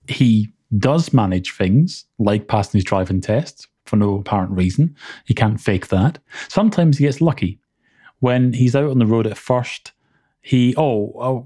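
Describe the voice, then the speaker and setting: A man co-hosting a relaxed podcast in a warm, mellow voice. His pitch swings widely as he talks. He is enthusiastic, laughs easily and often restarts his sentences. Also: normal speed. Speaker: podcast co-host. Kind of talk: casual chat.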